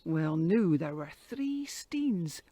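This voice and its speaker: A woman with a Doric Scots accent telling a folktale in a dramatic, animated way. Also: sits low, slow, no echo. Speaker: storyteller.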